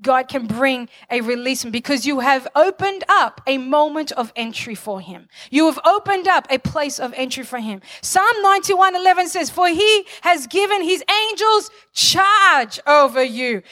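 A woman's voice: high voice, animated, moderate pace, hardly any pauses, pushed and bright. A woman preaching a sermon, building to fervent declarations and calling on the congregation for amens. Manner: calls for amens.

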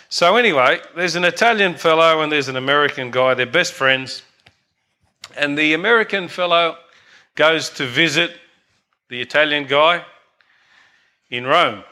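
A man's voice: a little high, bright, forceful tone. An older man preaching a sermon earnestly, often asking the congregation "amen?".

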